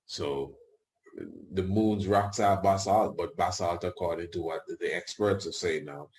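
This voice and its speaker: A man's voice: low-pitched, a little slow, darkish tone. A man hosting a radio show, talking in a rambling, colloquial way with tag questions and chuckling asides. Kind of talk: casual radio talk.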